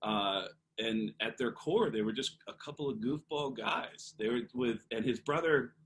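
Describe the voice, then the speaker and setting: Man, comedian guest, storytelling, rambling, animated, filler-heavy. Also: mid-range voice, moderate pace, slight background noise, rough recording. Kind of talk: storytelling on a podcast.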